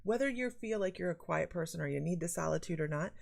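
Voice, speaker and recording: Lady psychic doing her morning livestream, a bit low voiced, chatty and lively. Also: fast talker, creaky. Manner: chatty, animated, reads viewer comments aloud. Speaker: psychic medium host. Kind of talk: casual livestream chat.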